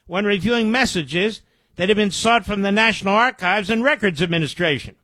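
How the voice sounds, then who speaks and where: A man's voice: sits high, brisk, bright, forceful tone, no echo. A man hosting a political talk show, reading news quotes aloud and breaking in with indignant, sarcastic remarks. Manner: indignant, sarcastic asides between quoted reports. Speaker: radio show host.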